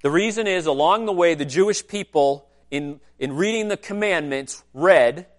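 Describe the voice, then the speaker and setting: A man with a somewhat high voice preaches a teaching sermon in a church. He explains things in a relaxed, conversational way and often turns to the congregation with questions and asides. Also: normal speed. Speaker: pastor.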